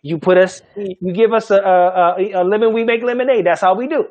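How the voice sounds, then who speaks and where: A middle-aged man from Charleston, a Gullah language teacher, speaking emphatically in an animated panel talk and laughing often. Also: high voice, brisk, muffled recording. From Charleston, South Carolina.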